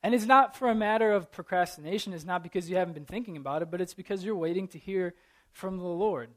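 Earnest, halting male preacher. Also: high voice, a bit bright. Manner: earnest, halting, self-deprecating, with frequent fillers. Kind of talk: prayer and sermon opening.

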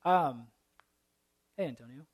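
A man in his thirties who prays and then opens a sermon, earnest and halting, with many fillers and a self-deprecating humor. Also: fairly high pitch. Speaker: preacher. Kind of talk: prayer and sermon opening.

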